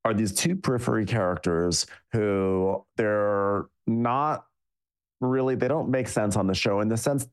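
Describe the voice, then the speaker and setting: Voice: medium pitch, a little slow, clear, resonant tone. A podcast co-host chatting casually about reality TV, rambling and hunting for words. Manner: rambling, hunts for words, animated.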